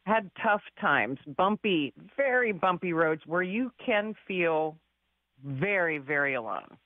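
A woman's voice: lowish voice, expressive, slow pace, no room sound, phone-quality sound. A woman guest author telling a personal story in a chatty, casual way, laughing often and using many fillers.

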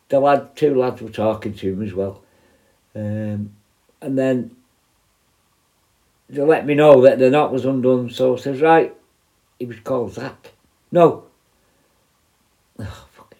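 Man, dark mellow voice, rambling storyteller who corrects himself mid-sentence. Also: mid-range voice. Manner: rambling, self-correcting, acts out quoted voices. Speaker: prison negotiator telling a story. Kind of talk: casual storytelling.

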